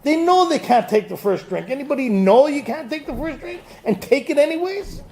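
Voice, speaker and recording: A man with a high, gravelly voice leads a group study, firing questions at the room and teasing people with a laugh. He talks to a live audience in a meeting room. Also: expressive, fairly quick, darkish tone. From Canada. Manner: quizzes the audience, joking and laughing. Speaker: AA speaker leading a Big Book study. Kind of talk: lively talk to a recovery group.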